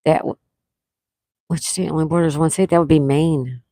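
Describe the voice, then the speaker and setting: Low-voiced woman hosting live trivia. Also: steady tone, mellow, dry recording. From near Fort Lauderdale, Florida. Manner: chatty, reads out chat names and answers, drawn-out questions. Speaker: trivia livestream host. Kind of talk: casual live-stream chat, reading viewer answers. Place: indoors at home during a thunderstorm.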